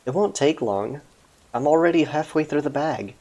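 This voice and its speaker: A man's voice: fairly high pitch, expressive, normal speed, a little mellow, dull audio. A man doing a laid-back young fire goddess. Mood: relaxed.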